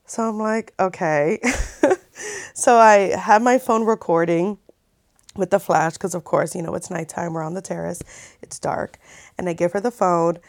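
A woman's voice: on the low side, moderate pace, vocal fry, no room sound, clean studio sound. A woman in her thirties telling a story in a casual, chatty vlog, full of fillers and swearing. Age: 30s. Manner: chatty, animated, many likes and swears. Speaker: vlogger.

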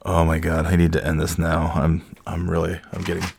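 Low gravelly sick man rambling. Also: monotone, a little fast, darkish tone, a little hiss or hum. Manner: rambling, self-mocking, chuckling. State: sick, holding back coughing fits; half awake. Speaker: podcast host. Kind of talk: casual solo podcast monologue. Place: home with kids heard in the background.

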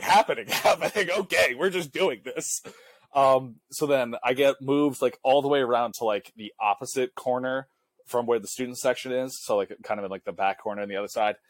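A man's voice: mid-range voice, no room sound. Young man rambling through a story. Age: young adult. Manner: rambling, heavy use of filler "like". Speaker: podcast co-host; college student section leader. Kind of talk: casual storytelling chat.

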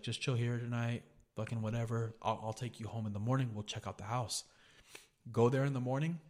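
A young man hosting a podcast, telling a story in a casual, profane way and saying "dude" a lot. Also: on the low side. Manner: profane, laid-back, says "dude" a lot. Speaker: podcast host.

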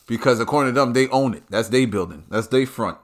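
A man's voice: mid-range voice, fast talker. A man delivering a heated, profane and repetitive ranting monologue.

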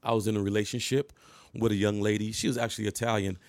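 A middle-aged man from Michigan telling a personal story in a casual monologue, animated and emphatic, acting out the scenes. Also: on the low side, fast talker, no echo.

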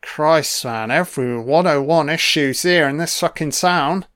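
A man's voice: fairly high pitch, unhurried, fairly bright tone. A man giving a casual, sweary and sarcastic commentary on a film.

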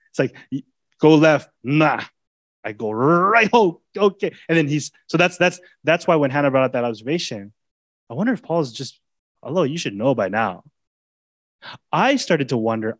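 A man preaching a sermon as a pastor, speaking in a conversational way that swings between loud, emphatic lines and quiet, intimate asides. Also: medium pitch, dry recording. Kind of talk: expository sermon.

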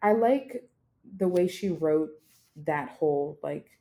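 A woman's voice: deep voice, animated, slow pace, warm tone. A young woman co-hosting a casual book podcast, chatty and acting out scenes from the story. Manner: chatty, acts out scenes and reads passages aloud. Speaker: podcast co-host.

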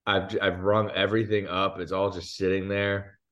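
A man with a very low, deep voice tells a rambling story in casual podcast chat. He pokes fun at himself and laughs along the way. The sound is dull and a little lo-fi. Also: flat delivery, normal speed, fairly bright tone. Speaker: podcast co-host.

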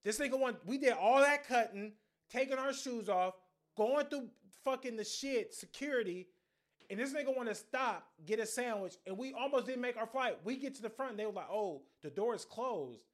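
High-voiced young man telling a story. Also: moderate pace. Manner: animated, profane, slangy storytelling. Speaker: podcast host. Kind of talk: casual storytelling monologue.

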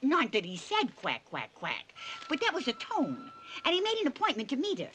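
A man voicing a nosy, gossipy elderly woman neighbor in a shrill, sing-song voice. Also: wildly swooping pitch, normal speed, bright, forceful tone, a little hiss or hum, heavily acted.

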